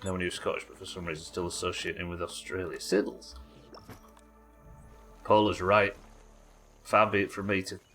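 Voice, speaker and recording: A man from New Zealand, his accent plain, plays a game live while talking his plans through out loud. His voice sits low but comes across bright and forceful. He chats loosely with his viewers and swears offhand. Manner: chatty, thinks aloud, swears casually, answers chat. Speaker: streamer. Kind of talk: live gameplay commentary.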